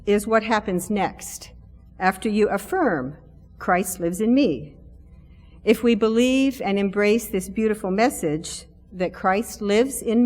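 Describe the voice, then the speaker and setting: A woman's voice: medium pitch, darkish tone. A middle-aged woman giving a sermon in a church, conversational, with self-deprecating humor. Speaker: lay preacher. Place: church sanctuary. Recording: long church reverb.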